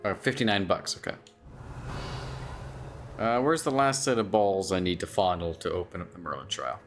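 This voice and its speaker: A man's voice: low-pitched, moderate pace, a bit bright, soft background music. A man streaming a video game, joking and self-mocking with drowsy asides. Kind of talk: casual game commentary.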